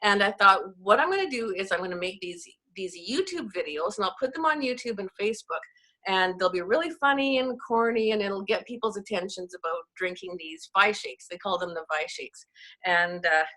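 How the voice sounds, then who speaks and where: Speaking fairly quickly and with lots of animation, the Canadian woman uses a mid-range, bright and forceful voice. A network marketing coach, she chats on a video call and tells stories that poke fun at herself.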